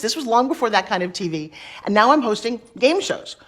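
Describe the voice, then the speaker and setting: A middle-aged woman telling career stories in an interview, acting out the dialogue with quick asides. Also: mid-range voice. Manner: lively, acts out quoted dialogue, quick asides. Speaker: interview guest. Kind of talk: animated storytelling.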